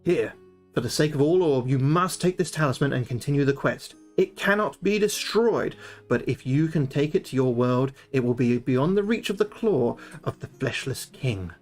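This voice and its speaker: A man's voice: mid-range voice, animated, normal speed, close to an everyday voice. A grave priest recounts an ancient doom in solemn storybook tones as a man reads him. His voice rises and falls with feeling over faint music.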